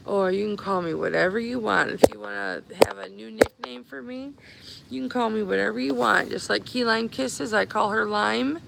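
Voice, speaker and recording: A woman's voice: mid-range voice, normal speed, creaky, heavy background noise. A woman live-streaming on her phone from an airport, chatting affectionately with her followers and calling them honey. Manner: chatty, affectionate, calls viewers babies and honey. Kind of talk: casual live-stream chat. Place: airport, stranded after a cancelled flight.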